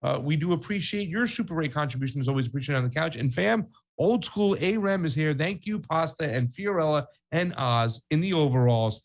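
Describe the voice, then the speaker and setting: A man's voice: on the high side, expressive, brisk. Joking man co-host from Brooklyn. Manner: joking, banter, reads viewer tips. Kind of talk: casual news commentary.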